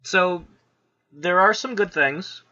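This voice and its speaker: A man's voice: sits high, slow, pushed and bright, lo-fi sound. A man co-hosting a casual comic review, laid-back and full of fillers like "like" and "you know.". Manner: laid-back, lots of "like" fillers, laughs often. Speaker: podcast co-host.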